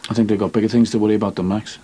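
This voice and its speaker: Brief: a scouse handyman, fast-talking, husky, dry wit. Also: on the low side, flat delivery, mellow. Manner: chatty, dry-humoured. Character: chatty middle-aged Liverpool handyman, dry wit. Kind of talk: 1990s TV soap acting.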